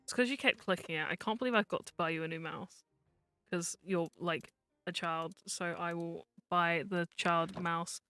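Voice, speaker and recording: Streamer for a chatty gaming stream, teasing and rambling, bright and smooth, soft music underneath. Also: mid-range voice, steady tone, normal speed, dry recording. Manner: rambling, teasing, mutters to self while playing. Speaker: VTuber streamer. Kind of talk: casual live-stream chat while gaming.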